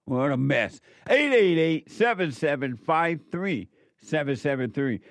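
A man hosts a call-in show. His voice sits a bit high for a man and he lectures emphatically, repeating his points. The sound is dry and close. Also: lively intonation, measured pace, no room sound. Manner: preachy, emphatic, repeats phrases. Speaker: radio talk show host. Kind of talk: call-in radio talk.

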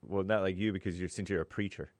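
A man's voice: low voice, steady tone, fast talker, no room sound. A man chatting casually as a churchgoing layman, rambling and hesitant, with fillers and self-corrections. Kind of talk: casual conversation.

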